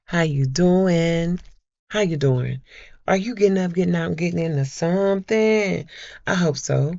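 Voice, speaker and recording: A middle-aged woman vlogger chatting to her viewers, telling a personal story in a slow, heartfelt way and calling them y'all. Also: lowish voice, gravelly, a little mellow, no room sound, lo-fi sound. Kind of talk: casual chat to viewers.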